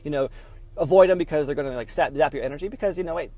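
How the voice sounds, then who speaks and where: A man's voice: a little high, rapid-fire, mellow, dry recording, rough recording. A man hosting a casual vlog while he drives, talking in a rambling way full of fillers and restarts. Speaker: real estate investor vlog host. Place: inside a car on the road.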